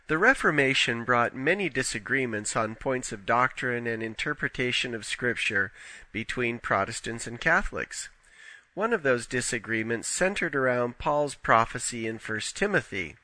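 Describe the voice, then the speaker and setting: A man narrating a scripted scripture study in a measured, deliberate reading voice, carefully quoting his sources. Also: medium pitch, bright, forceful tone, dry recording.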